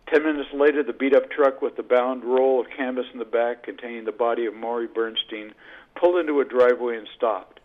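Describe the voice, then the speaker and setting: Male audiobook narrator, mid pitch, measured read, narrow phone-like sound. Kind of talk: scripted narration. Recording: tinny phone-like band.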